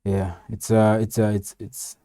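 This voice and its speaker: A reaction video host comments casually over TV clips as he watches an episode, his voice fairly low, dark, a little slow and fairly flat in pitch. He rambles with fillers and constantly tacks "man" or "bro" onto his lines.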